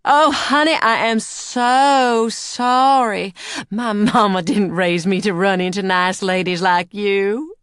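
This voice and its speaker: A man voicing a cool, sharp young woman con artist who can switch on a sugary Southern drawl, in a dry, close recording. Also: high voice, normal speed, no room sound, pitched above the performer's own voice. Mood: Southern put-on. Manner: fake Southern drawl when conning.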